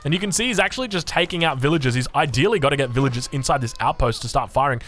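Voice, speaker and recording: A man with an Australian accent casting a strategy game match, excitable and rambling, with chatty asides. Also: mid-range voice, racing. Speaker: game commentator. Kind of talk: casual live strategy game commentary.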